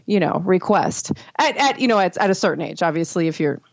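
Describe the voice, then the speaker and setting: A woman co-hosting a podcast in casual chat, talking with frequent restarts and lively quoting. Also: lowish voice, fairly quick, creaky, dry recording, muffled recording. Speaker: podcast co-host.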